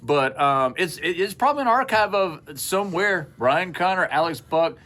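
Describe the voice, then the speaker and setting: A man's voice: high-pitched, animated, moderate pace, bright, forceful tone. A man telling stories as co-host of a casual chat show, acting out voices from his childhood. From South Carolina. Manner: storytelling, acts out childhood voices. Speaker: podcast co-host. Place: small studio room.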